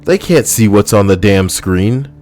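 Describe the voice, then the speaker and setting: A man's voice: on the low side, lively intonation, a little slow, darkish tone, faint music behind. A man, hosting a casual comedy video in a crude, rambling, sardonic way. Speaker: video host.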